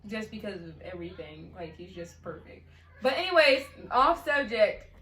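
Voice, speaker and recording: A woman's voice: medium pitch, very animated, normal speed, a bit bright. A young woman telling a rambling, giggly story to the camera in casual chat. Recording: echoey room, faint noise.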